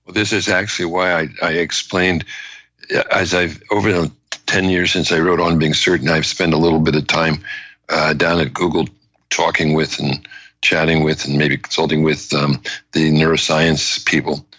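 A man who is a neurologist and author, explaining his ideas as an interview guest in a measured way with frequent restarts. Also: rumbling low, level tone, fairly bright tone, no echo, poor audio. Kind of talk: conversational interview.

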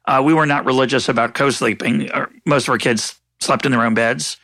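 A man interviewing an author, asking thoughtful questions in a halting way with frequent restarts. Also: medium pitch, fairly even intonation, vocal fry, bright, forceful tone, no echo. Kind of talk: conversational interview.

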